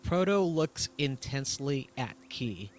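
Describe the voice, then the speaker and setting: A man narrates his character's moves at a deliberate, slow pace, in a mid-range voice. He speaks plainly and to the point, as a tabletop player. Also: medium pitch, big pitch swings, slight background noise.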